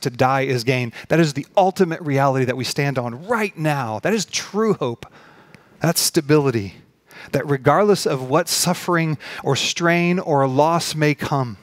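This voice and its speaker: An earnest man preaching a sermon to his congregation, pitched mid-range for a man. He presses hard on key phrases, then slows and drops his voice. The sound is close and dry, with no room echo. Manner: earnest, building to emphatic peaks then slowing to soft pauses. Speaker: pastor.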